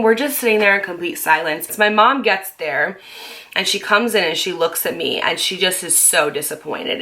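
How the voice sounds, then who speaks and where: A young woman in her twenties, telling a personal story to camera in a chatty, animated way, swearing freely and acting out what others said. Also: mid-range voice. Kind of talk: casual storytime monologue.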